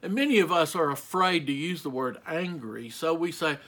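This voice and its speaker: A middle-aged male pastor preaching a sermon, slow and emphatic, asking the listeners rhetorical questions. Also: fairly high pitch, animated, a bit bright.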